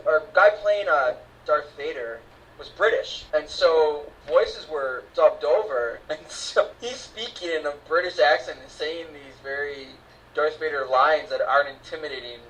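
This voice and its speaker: A man's voice: a little high, lively intonation, unhurried, far from the mic, a little hiss or hum, rough recording. A man hosting a casual movie review podcast, chatty and enthusiastic, often laughing. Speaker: podcast host.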